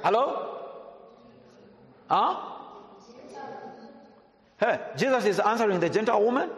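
A man preaches a sermon in a high, animated voice that leaps up and down in pitch. He questions the congregation again and again and repeats lines for emphasis. The sound rings through a reverberant church hall with a long echo. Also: measured pace, long pauses.

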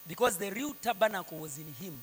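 A man preaching a sermon, swinging between shouted points and hushed storytelling. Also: high-pitched, expressive, fast, slight background noise. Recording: echoey hall reverb.

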